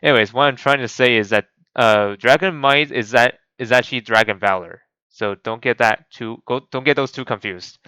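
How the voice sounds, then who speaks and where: Male gaming host, casual rambling commentary, bright crisp voice, dry close mic. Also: mid-range voice, moderate pace, dry recording, poor audio. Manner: rambling, many restarts and fillers. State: voice cracking.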